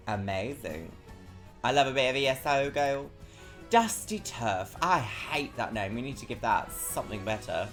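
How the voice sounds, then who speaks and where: Low-voiced, lively woman streamer. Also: moderate pace, faint music behind. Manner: chatty and playful, jumping to high squeals. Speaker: game streamer. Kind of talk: casual live-stream chat.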